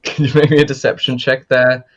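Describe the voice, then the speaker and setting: A man's voice: mid-range voice, level tone, a little fast, lo-fi sound. A young man narrating as game master, rambling with lots of fillers. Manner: rambling with many fillers and laughs.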